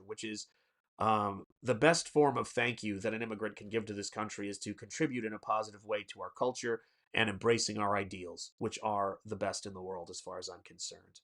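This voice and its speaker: A man's voice: fairly low pitch, a bit bright. A man with a Southern American accent hosting a casual painting livestream, rambling and reading chat messages aloud with lots of fillers. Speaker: artist and livestream host.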